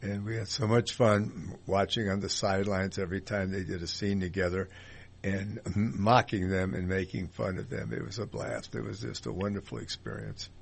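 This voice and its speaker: A man's voice: low voice, fairly even intonation, moderate pace, vocal fry. An older man hosting a talk radio show, telling rambling anecdotes in a casual, friendly way with lots of fillers.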